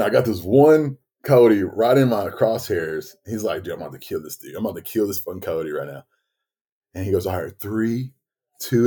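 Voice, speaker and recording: Podcast co-host, male, husky lively storyteller, casual and profane. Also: on the low side. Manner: animated, swearing, acts out quotes.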